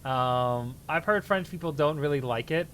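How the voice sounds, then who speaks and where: A young man streaming, chatting casually with viewers in a bubbly, excitable and self-deprecating way. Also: fairly high pitch, normal speed, slight background noise.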